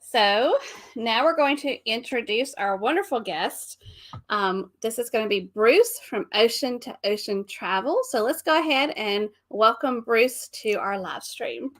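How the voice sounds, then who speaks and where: A woman's voice: fairly high pitch, animated, a little slow, a bit bright. A woman co-hosting a live stream, chatting casually and laughing often over a video call.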